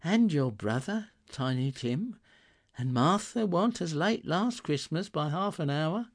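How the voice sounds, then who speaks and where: A man's voice: on the high side, lively intonation, a little slow, voice pushed up. A man reading aloud, putting on the voice of a fussing, affectionate Victorian mother. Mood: fretful. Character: motherly bustling poor Victorian wife.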